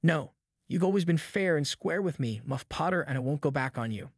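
A man voicing a vengeful, menacing rough backwoods man, with a cold, threatening drawl, in an audiobook. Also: fairly high pitch, animated, brisk, dry recording, clean studio sound.

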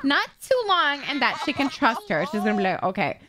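A woman giving casual let's-play commentary, excitable and gossipy, swearing freely. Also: sits high, brisk, crowd noise. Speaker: gaming YouTuber.

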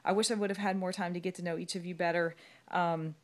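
A middle-aged woman gushes through a heartfelt thank-you to her team, her slightly low voice rising and cracking as she fights back tears. She talks casually, stringing thoughts together with plenty of ums. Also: fairly even intonation, quick pace. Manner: gushing and effusive, many ums, voice rising and cracking near tears.

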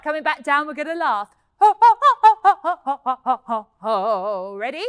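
A bubbly young fairy-tale heroine, played by a woman, leads children through a pantomime vocal warm-up. Her high voice swoops up and down with lively, giggly, sing-song energy. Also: normal speed. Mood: cheerful. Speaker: pantomime performer teaching children. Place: indoor hall.

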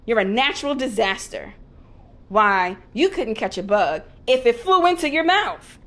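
A woman's voice: on the high side, lively intonation, unhurried, pitched above the performer's own voice. Timon, a woman doing a bossy meerkat. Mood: angry. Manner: loud, snappy and scolding. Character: bossy, boastful male meerkat.

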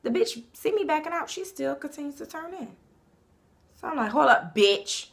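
A woman's voice: high voice, fairly quick, vocal fry. Brash profane young woman. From Savannah, Georgia, US. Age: 20s. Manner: brash, profane, swings into loud bursts. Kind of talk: casual self-introduction to camera.

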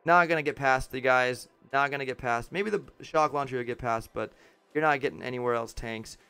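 A man streams his gameplay from a green-screen home setup, chatting with viewers, commenting casually and chuckling frequently. He speaks a little fast in a mid-range voice that sounds pushed and bright yet clean, on a dry recording.

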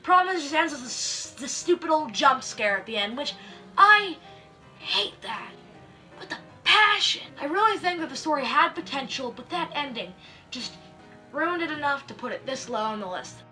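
A young woman with a high, very bright voice reviews spooky stories with sarcastic, slangy deadpan humor. Soft music plays faintly underneath. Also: brisk. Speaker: host. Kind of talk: comedic story review.

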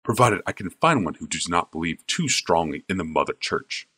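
A stern older mage, as a male reader puts him on for an audiobook, speaking firmly in a husky, deep voice. His pitch swings widely as he urges and commands. The delivery is low and insistent. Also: animated, moderate pace, pushed and bright, heavily acted. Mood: urgent, firm. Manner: firm, low-voiced urging. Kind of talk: audiobook character voice.

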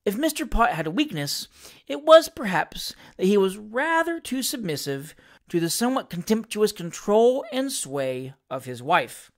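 A reader giving a scripted reading of a classic novel with expressive, lively narration. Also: medium pitch, moderate pace. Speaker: audiobook reader.

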